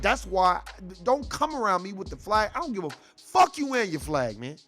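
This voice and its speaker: A man's voice: high voice, very animated, normal speed, pushed and bright, soft background music. A man hosting a commentary show, ranting in a profane, heated and mocking way. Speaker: show host.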